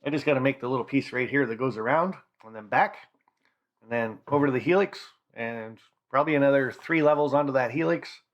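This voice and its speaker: A man's voice: mid-range voice, brisk, highs cut off. Chatty man hosting a hobby live stream. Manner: chatty, rambling, reads out viewer names. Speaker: channel host. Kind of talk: casual live-stream chat. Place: home model railroad room.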